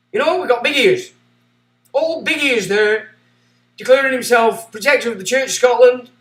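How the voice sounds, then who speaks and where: A man with a high-sitting voice runs a livestream, reading chat messages and ranting with sarcasm, shifting from loud to muttered. The audio is captured from a distance and echoes around the room.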